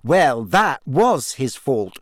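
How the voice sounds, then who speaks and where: Man voicing a teenage schoolgirl, audiobook, bossy, brisk, sharp, lively pitch, dry close sound. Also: dry recording. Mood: cold. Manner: brisk, impatient, a little sharp. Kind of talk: audiobook character voice.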